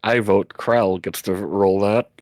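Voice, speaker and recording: A man's voice: fairly low pitch, fairly even intonation, unhurried, darkish tone, no room sound. A man playing the captain in a tabletop game, talking in a hesitant, jokey way with many fillers. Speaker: player. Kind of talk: casual chat.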